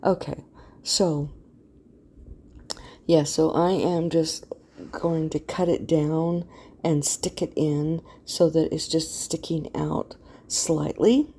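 She takes it slowly and pauses often, her low voice steady in tone, dark and slightly rough. The speaker is a middle-aged craft channel host giving a casual, rambling tutorial voice-over, often losing her words and yawning as she goes.

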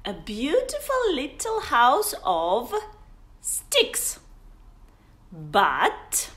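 A woman's voice: on the high side, big pitch swings, very slow, long pauses. A woman, an English teacher playfully reading a picture book aloud to young children, with sound effects and whispers. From Russia. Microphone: phone on a livestream.

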